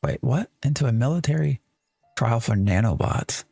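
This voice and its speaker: A man's voice: mid-range voice, expressive, normal speed, gravelly, darkish tone, breathy edge, dry recording, faint music behind. A man streaming a game live, chatting and thinking aloud as he plays and answering his chat. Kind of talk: live gameplay commentary.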